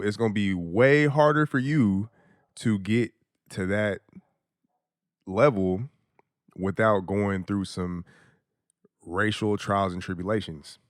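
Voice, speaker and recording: A man's voice: on the low side, no echo, studio quality. A young adult man hosting a podcast, talking in a blunt, profane, casual monologue and laughing often. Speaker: podcast host.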